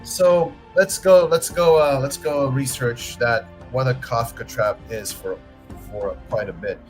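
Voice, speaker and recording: A man's voice: mid-range voice, unhurried, faint music behind, rough recording. A man hosting a livestream, arguing his point with frequent restarts and some swearing. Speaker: livestream host. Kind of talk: casual livestream commentary.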